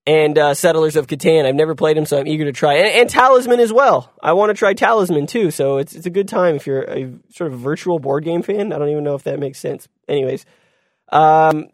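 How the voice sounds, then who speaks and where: A man's voice: a little high, no echo, clean studio sound. A man hosting a casual gaming show, rambling with lots of ums and restarts and chuckling when he stumbles over words. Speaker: gaming podcast host. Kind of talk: casual chat.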